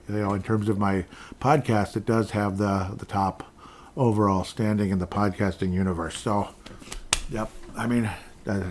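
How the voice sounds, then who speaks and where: A man hosting a sports podcast, chatting loosely and reading out listener comments. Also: lowish voice. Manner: rambling, chatty, with restarts and laughs. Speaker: podcast host.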